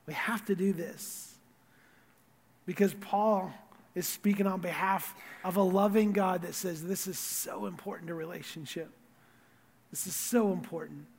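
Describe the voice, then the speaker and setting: A man preaching a sermon as pastor, earnest, repeating words and swinging from loud stress to quiet asides. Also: high voice, a little slow, big-room sound.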